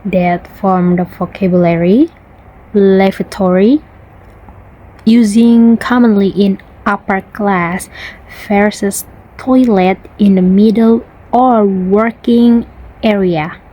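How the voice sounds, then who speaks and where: Young woman, student presentation in English, slow and halting, mellow tone, fillers. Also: medium pitch, steady tone, low-quality recording. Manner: halting, with frequent pauses and fillers; repeats example words to contrast them. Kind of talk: class presentation.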